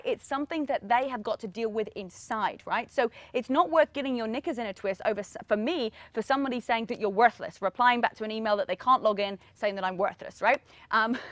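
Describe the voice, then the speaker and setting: Upbeat woman with a bright voice. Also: a little high, no room sound. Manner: energetic, repeats "right?" and "um", laughs often. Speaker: podcast host. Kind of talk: motivational solo podcast talk.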